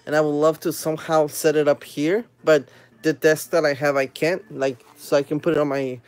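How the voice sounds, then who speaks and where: A man hosting a live stream, opening trading card packs with excited casual commentary, humming while he opens them and chatting with viewers. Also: on the high side, normal speed, dry recording. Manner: chats with viewers and reads their comments aloud.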